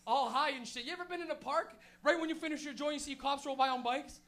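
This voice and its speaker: A Toronto stand-up works a laughing comedy-room crowd with a loose, profane set, cracking up as he acts out stoner voices. He talks fast, and his voice is very high and a bit bright.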